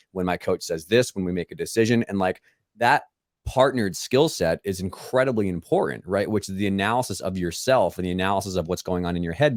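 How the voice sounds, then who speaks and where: A man's voice: sits low, no room sound, clean studio sound. A man hosting a podcast, talking enthusiastically in long run-on thoughts during a casual interview. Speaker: podcast host.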